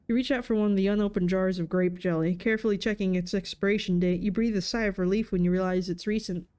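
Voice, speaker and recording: Mellow-voiced woman reading a game aloud. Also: medium pitch, smooth. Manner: playful, laughs at her own reading. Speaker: let's player. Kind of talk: reading game text aloud with casual commentary.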